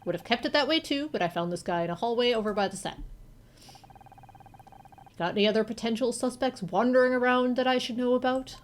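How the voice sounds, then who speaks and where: A woman voicing a gruff, impatient male senior detective who barks curt orders. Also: a little high, brisk, natural voice.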